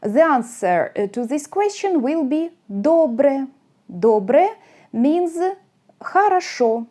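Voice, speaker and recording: Slow-spoken woman teaching a language. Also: sits high, lively intonation, a little mellow. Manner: slow, careful explanation with many fillers. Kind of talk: language lesson.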